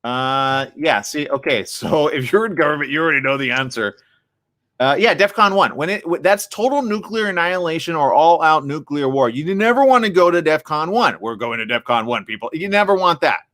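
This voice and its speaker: A man hosting a radio morning show, chatting casually with listeners and reading the news in a studio. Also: a little high. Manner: lively, chatty, quick asides.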